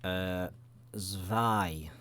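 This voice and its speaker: A man's voice: deep voice, drawn-out words, a bit bright. A man giving rambling, jokey let's-play commentary, swearing often. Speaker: gaming video creator.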